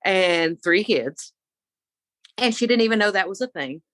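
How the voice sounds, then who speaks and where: A woman's voice: medium pitch, lively intonation, unhurried, a bit bright, no room sound. Opinionated woman telling a story, dry sound. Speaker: podcast co-host. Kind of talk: casual chat.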